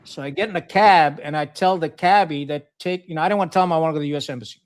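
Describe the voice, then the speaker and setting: A middle-aged man from Pakistan, a former Marine officer, recounts his service as a podcast guest. His voice sits a little higher than most men's, and he talks frankly, swearing freely and restarting sentences with plenty of fillers. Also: racing. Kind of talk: casual storytelling interview.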